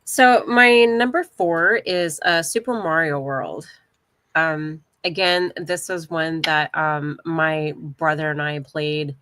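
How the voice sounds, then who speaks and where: A low-pitched woman chats on a casual podcast, talkative and quick to get excited. Her voice is dry and close, with no room echo. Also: clean tone. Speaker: podcast co-host. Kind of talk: casual chat.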